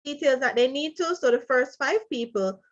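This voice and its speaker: A woman's voice: high voice, animated, moderate pace. Flustered woman on a lo-fi live stream. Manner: flustered, emotional, laughing between phrases, apologizing. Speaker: online freelancing teacher hosting a live session. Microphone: computer mic on a live video call.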